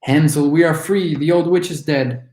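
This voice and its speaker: A man's voice: mid-range voice, a little slow, darkish tone, close to an everyday voice. A man reading the lines of a frightened but brave little girl, in an earnest, pleading way. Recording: roomy echo.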